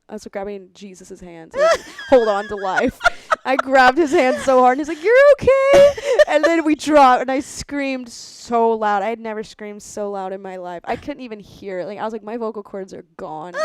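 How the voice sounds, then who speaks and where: A woman's voice: mid-range voice, smooth, no echo. A young woman, a guest musician, telling a story in casual chat, laughing often and acting out her own lines.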